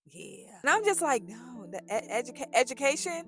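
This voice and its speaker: Woman vlogging about god and work, aave, super animated, acts out both sides, soft music behind. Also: fairly high pitch, quick pace, hardly any pauses. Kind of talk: casual faith talk to camera.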